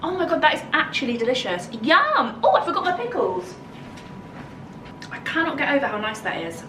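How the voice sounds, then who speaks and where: A woman's voice: high voice, big pitch swings, fairly quick, fairly bright tone, distant mic, slight background noise, rough recording. A woman with an English accent chatting casually in a home vlog, bubbly and thinking aloud as she tastes food, then tidies the garden. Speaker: lifestyle vlogger.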